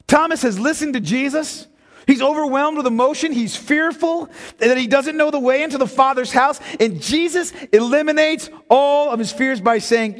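A man preaching a sermon as pastor, impassioned, swinging from hushed tones to near-shouting and calling his listeners beloved. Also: extremely high pitch, animated, a little fast. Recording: long reverb of a large hall.

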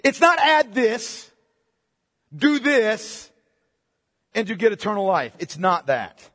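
High-voiced guy preaching, gets loud then drops to a hush, big hall echo. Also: slow, pauses often. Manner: animated preaching, swinging between loud emphasis and hushed asides. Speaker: pastor. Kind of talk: sermon.

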